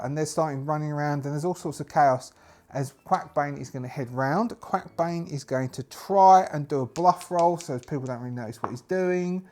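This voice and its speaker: A man's voice: on the high side, moderate pace, a little mellow. Chatty man narrating a solo tabletop game. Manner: chatty, thinks aloud over dice rolls.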